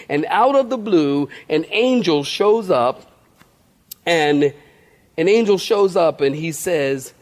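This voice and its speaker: A male pastor preaching a sermon with humorous, animated storytelling. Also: sits high.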